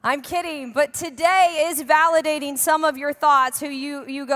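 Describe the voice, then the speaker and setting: A woman's voice: sits high, moderate pace, hardly any pauses, pushed and bright. A young woman preaching a sermon in a church, chatty and joking with the congregation. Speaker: pastor. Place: church hall. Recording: long hall reverb.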